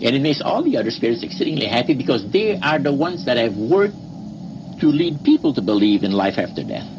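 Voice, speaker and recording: A man's voice: mid-range voice, big pitch swings, brisk, lo-fi sound, noisy background. A man preaching a sermon in an emphatic way, stopping to ask "See?".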